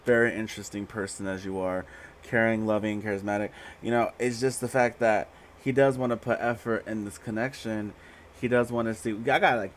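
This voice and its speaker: A man's voice: lowish voice, slight background noise. A man giving a casual tarot reading on a livestream, blunt and profane, laughing often. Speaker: tarot reader.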